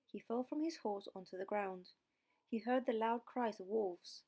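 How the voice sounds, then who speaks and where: A woman reads a classic fairy tale slowly and deliberately for English learners. Her voice sits at a moderate pitch and has a noticeable vocal fry. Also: dark tone. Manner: slow, deliberate reading. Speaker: audiobook narrator. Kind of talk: slow, clear story narration for English learners.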